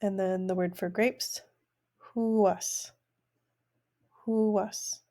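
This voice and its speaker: A woman giving a recorded language lesson at a very slow pace. Her voice is mellow and dark, and she pronounces each word carefully, then says it again for her students. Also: mid-range voice, fairly even intonation. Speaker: language teacher.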